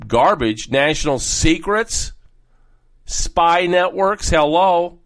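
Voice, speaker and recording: A man's voice: a little high, slow pace, a bit bright. Rambling, heated male talk host. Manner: rambling, heated, jumps between topics. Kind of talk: opinionated political monologue.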